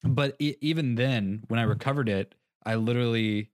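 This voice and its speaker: A man's voice: mid-range voice, normal speed, no room sound, studio quality. A young man co-hosting a podcast in casual chat, rambling through a story, laughing at himself often. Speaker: podcast co-host.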